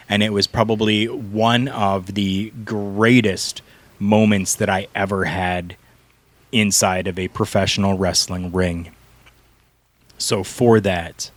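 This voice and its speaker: Slow, deliberate, low-voiced man. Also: dry recording. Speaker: podcast co-host, former pro wrestler. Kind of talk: storytelling podcast talk.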